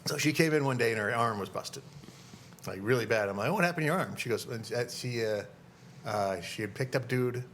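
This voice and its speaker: A man's voice: medium pitch, normal speed, a bit bright, slight background noise. A man from Minnesota in a casual podcast chat, telling stories with dry jokes. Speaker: podcast co-host.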